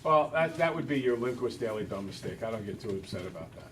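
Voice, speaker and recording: A man teaching a math class, brisk and teasing, talking to students in a classroom. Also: medium pitch, lively intonation, a bit bright, far from the mic, slight background noise.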